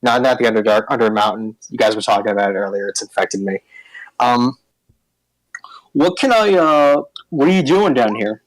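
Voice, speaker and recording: A man's voice: mid-range voice, lively intonation, normal speed, no room sound, natural voice, poor audio. A man voicing a fussy, squeamish female gelatinous cube who works as a janitor, chatty and rambling.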